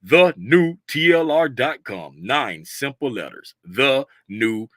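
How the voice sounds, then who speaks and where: A man voicing a smooth, deep-voiced male radio ad announcer with a slow, drawn-out promo delivery. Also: expressive, fairly bright tone, no room sound, clean studio sound. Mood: promotional.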